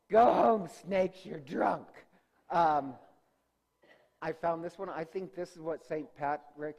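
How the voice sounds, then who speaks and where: A man teaching a parish faith class, talking off slides in a loose, joking way with many fillers and corrections. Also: a little high. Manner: rambling, many ums and self-corrections; conversational with jokes. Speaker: parish religious-education teacher. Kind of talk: informal lecture with slides.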